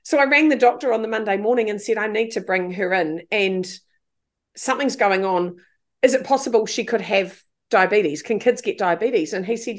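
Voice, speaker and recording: A woman's voice: medium pitch, moderate pace. A middle-aged woman, a podcast guest telling stories in casual chat, swearing freely and acting out her own quoted lines.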